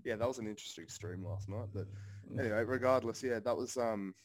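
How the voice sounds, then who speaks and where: A man's voice: on the low side, brisk, dry recording. A young man in casual podcast banter, laughing often and swearing heavily in slangy speech.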